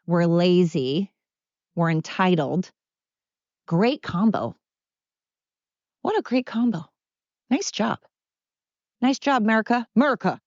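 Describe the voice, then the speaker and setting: Older woman venting on her podcast, low-ish voice, sarcastic and blunt, dry muffled home mic. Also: no echo. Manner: blunt, sarcastic, fired-up ranting with profanity. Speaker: podcast host. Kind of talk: solo podcast rant.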